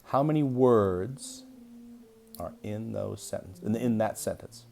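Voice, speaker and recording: A young adult man teaching an early-grade reading lesson, reading aloud slowly and deliberately to young children. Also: fairly low pitch, gravelly, warm tone, a little hiss or hum.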